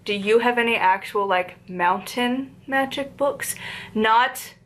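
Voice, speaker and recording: Slow-paced and somewhat high, with a bit of brightness, this Appalachian woman from the United States chats about a book she's reviewing on her channel. She rambles, dropping in frequent fillers and drifting into tangents.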